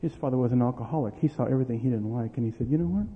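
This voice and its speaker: Middle-aged preacher, tinny echoing hall recording. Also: male voice, medium pitch, racing. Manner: animated storyteller, acting out quoted dialogue, laughing. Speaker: pastor. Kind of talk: sermon with family stories. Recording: tinny lo-fi with long hall reverb.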